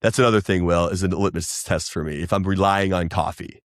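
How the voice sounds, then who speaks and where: A man, chatting casually as a podcast guest, rambling and animated. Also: low voice, fairly quick, dry recording, studio quality. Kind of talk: casual chat.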